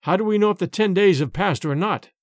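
A man's voice: sits high, a little fast, no room sound, studio quality, lightly acted. A man reading an audiobook, voicing a fearful peasant head of household who speaks solemnly and urgently.

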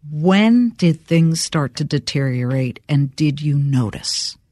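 Female business TV host, dry close sound, direct and brisk interviewer. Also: deep voice, lively intonation, mellow, no room sound. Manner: quick, direct questioning. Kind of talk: interview hosting.

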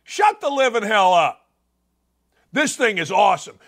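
A middle-aged man delivers a combative sports talk monologue in a high, bright voice. He rants loudly, mocks his critics and jumps up in pitch without warning. His tone stays sharp and forceful throughout. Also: very animated, a little slow, creaky. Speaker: sports radio host.

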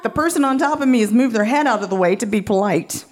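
A woman's voice: a little high, expressive, quick pace. A woman telling a frank personal story, candid and often laughing as she talks.

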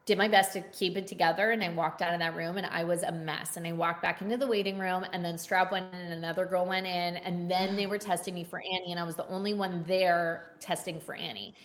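A woman's voice: fairly low pitch, fairly even intonation, fast talker, few pauses. A woman in her thirties, an actress guest, telling a story in casual chat with casual swearing and laughter.

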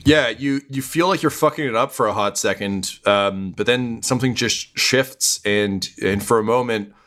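A man's voice: medium pitch, normal speed. Laid-back man running a tabletop game. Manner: relaxed, filler-heavy narration. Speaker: game master.

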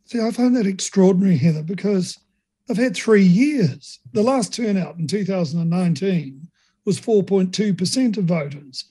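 Brief: New male correspondent, high mellow voice, halting radio political report. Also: slightly rough. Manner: chatty, slightly halting with fillers.

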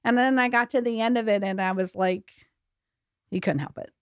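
A woman's voice: a little high, steady tone, brisk, smooth, dry recording, studio quality. A middle-aged woman, a grief educator guest, telling her story candidly in an earnest, emphatic way on a podcast. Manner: earnest and emphatic, with many restarts.

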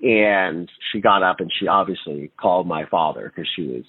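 A man recounting his childhood in a candid, halting way, with nervous laughs. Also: sits low. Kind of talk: personal testimony. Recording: tinny phone-like line with faint music.

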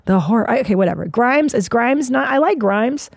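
A middle-aged woman hosts a casual podcast, ranting bluntly and sarcastically and swearing a lot. Her voice is fairly high with lively intonation, brisk and creaky. The recording is studio quality with no room sound.

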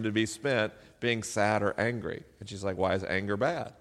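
A man's voice: fairly low pitch, normal speed, few pauses, slight background noise. A middle-aged man, a podcast host, telling a personal story live to an audience, self-deprecating and laughing often. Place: live venue. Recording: live hall with long reverb.

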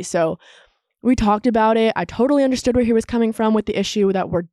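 A woman's voice: a little high, quick pace, dark tone, dry recording, studio quality. A woman in her twenties hosting a solo podcast, chatting candidly, laughing often and saying "like" a lot. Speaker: podcast host. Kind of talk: casual solo podcast monologue.

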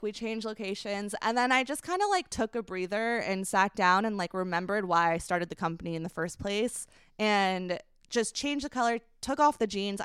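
A young woman guest tells a heartfelt story, pausing often and filling gaps with likes and ums. Her voice is very smooth and resonant. The recording is close and dry, with no room sound. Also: medium pitch, fairly bright tone, no room sound. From United States. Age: 20s. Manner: emotional, hesitant, many likes and ums. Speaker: guest, brand founder. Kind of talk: candid podcast storytelling.

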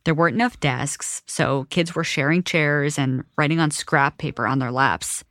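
A woman reporter narrating a documentary story in a measured, wry storytelling voice. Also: low-pitched, a bit bright, no room sound.

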